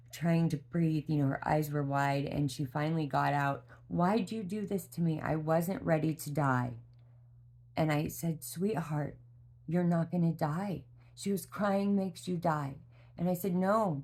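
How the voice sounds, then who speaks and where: A tired mother speaks in a low voice with a gravelly, creaky edge, telling her story candidly in a vlog. Her talk rambles with heartfelt restarts. The fatigue is audible. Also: dark tone. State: exhausted. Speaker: mother sharing a parenting story.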